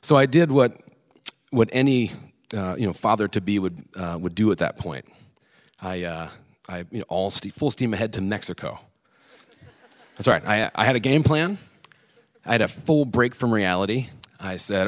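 A man in his thirties telling a candid personal story on a theater stage, earnest and halting at times. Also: fairly low pitch.

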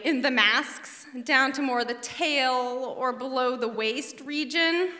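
A woman telling a comic story on stage in a bubbly, self-mocking way. Her voice sits high and bright, and the hall gives it a long reverb. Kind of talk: live storytelling. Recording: echoey hall.

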